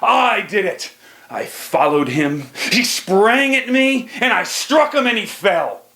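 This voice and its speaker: Man putting on a bossy caveman chief, high voice, booming, echoey room. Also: lively intonation, slow pace, sharp tone, full character voice. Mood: boastful. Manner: proud, commanding, theatrical storytelling. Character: boastful caveman tribe leader, grown man.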